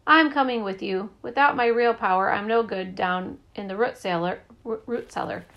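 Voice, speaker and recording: A woman voicing an anxious, nerdy boy who has lost his genius, stammering in a high, panicky voice. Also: normal speed, gravelly, muffled recording, natural voice. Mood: earnest. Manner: panicky, stammering, rising pitch.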